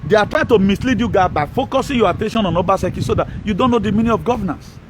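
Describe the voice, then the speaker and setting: A man's voice: high voice, racing, background noise. A man, ranting scornfully and combatively in a political video monologue. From Nigeria. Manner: scornful, combative, mocking, with frequent laughs. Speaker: social media commentator.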